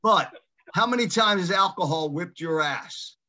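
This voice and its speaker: A man's voice: sits high, lively intonation, measured pace, sharp tone, dull audio. Emphatic man coaching a group call. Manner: emphatic, repeating phrases. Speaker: real estate coach leading a mastermind call. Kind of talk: motivational coaching talk.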